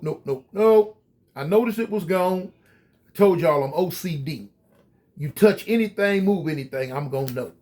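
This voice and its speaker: A man casually telling a story straight to his viewers, animated and full of slang. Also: on the high side. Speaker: storyteller recounting prison life.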